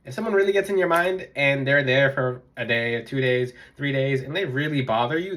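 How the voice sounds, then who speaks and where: A young man giving casual spiritual advice to his viewers, emphatic and repetitive, sometimes mimicking others in a high voice. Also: fairly quick, hardly any pauses, fairly bright tone. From South Florida. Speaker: spiritual vlogger. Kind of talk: casual advice monologue to camera.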